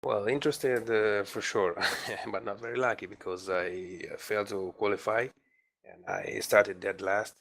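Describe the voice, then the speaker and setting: A man's voice: fairly low pitch, steady tone, a little slow, a bit bright. A man, a race driver talking hesitantly in a post-race interview. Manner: hesitant, many fillers and restarts.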